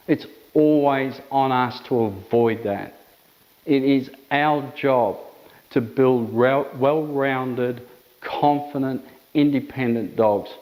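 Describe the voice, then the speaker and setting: A man's voice: mid-range voice, a little mellow, poor audio. A man, an emphatic dog trainer explaining methods with repetitive phrasing. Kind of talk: instructional talk to camera.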